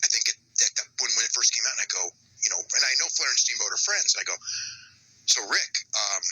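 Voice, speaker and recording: A man being interviewed, telling wrestling backstage stories in a casual, animated way and acting out quotes. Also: medium pitch, very fast, breathy edge, rough recording. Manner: animated, laughing, acts out quotes. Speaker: wrestling journalist guest.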